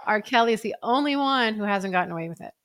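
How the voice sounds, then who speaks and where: Woman, interview guest, candid, blunt, relaxed chat. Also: mid-range voice, fast talker.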